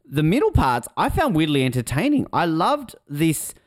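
A man's voice: fairly high pitch, wildly swooping pitch, normal speed, dry recording, studio quality. A man co-hosting a podcast in casual chat, rambling and interrupting himself, laughing often. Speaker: podcast co-host.

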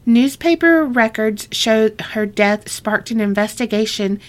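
A woman's voice: fairly high pitch, animated, a little slow. A woman co-hosting a podcast, reading listener ghost stories aloud in a casual, chatty way and laughing often. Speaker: podcast co-host.

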